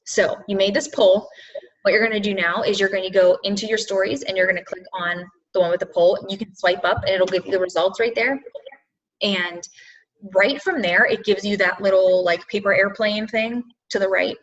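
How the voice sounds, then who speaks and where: A woman's voice: mid-range voice, steady tone, moderate pace, distant mic. An earnest woman talks to her team on a video call, repeating her points for emphasis. Her voice sits in a middle register. The audio is dull and lo-fi. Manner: earnest, filler-heavy, repeats herself for emphasis. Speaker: coach leading a team call. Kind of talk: casual motivational talk on a video call.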